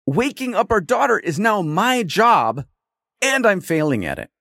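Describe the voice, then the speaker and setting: Animated, exasperated man venting. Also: high-pitched, a little slow, creaky, no echo, studio quality. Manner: exasperated, rambling storytelling. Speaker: podcast host. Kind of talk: casual solo monologue.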